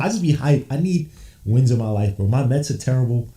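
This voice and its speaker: A man's voice: mid-range voice, animated, fairly quick, recorded from a distance, background noise. Hyped New man calling a game. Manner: swings from muttering to hyped shouting, slangy. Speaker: podcast host doing live game commentary. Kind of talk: excited watch-along play-by-play. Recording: roomy echo.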